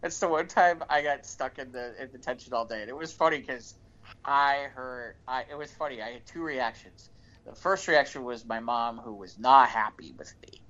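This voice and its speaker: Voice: medium pitch, moderate pace. A podcast co-host telling a story in casual chat, acting out the quoted lines along the way. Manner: animated, acts out quoted dialogue. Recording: dull lo-fi recording.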